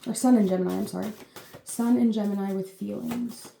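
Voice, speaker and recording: Her mid-range voice is warm and steady, a little fast, with some vocal fry, as she hosts a casual live reading that wanders from point to point. She fills it with chatter and fillers and swears playfully at times; the sound is echoey with faint noise.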